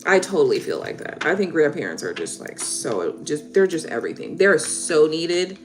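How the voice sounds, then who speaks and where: A woman's voice: sits low, very animated, fairly quick, faint music behind. Emotional chatty woman tarot reader. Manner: emotional, tearful, chatty with viewers. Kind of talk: casual live-stream chat.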